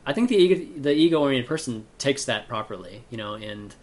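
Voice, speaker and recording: A man's voice: medium pitch, animated, a little fast, darkish tone. A man hosting a casual gaming chat, talking hesitantly with many fillers and restarts.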